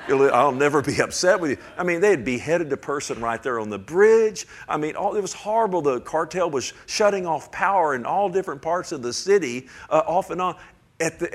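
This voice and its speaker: Preaching in a folksy, rambling style, an older man keeps asking the congregation "amen?" and swings between hushed tones and loud emphasis. His voice runs on the high side, creaky and slightly rough.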